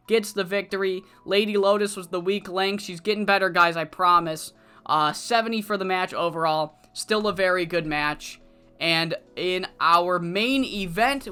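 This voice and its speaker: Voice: medium pitch, pushed and bright, clear, resonant tone. A narrator casually recapping the results of a wrestling management game, with the odd curse word. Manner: casual, recapping, mildly profane. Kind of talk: let's play commentary of a wrestling management sim.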